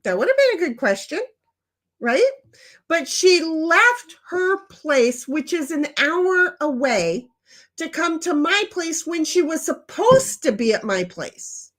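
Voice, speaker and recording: An older woman with a high voice hosts a casual livestream chat. She rambles from one comment to the next. She talks bluntly and swears now and then. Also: big pitch swings, takes it slowly, a bit bright. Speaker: livestream host reading chat.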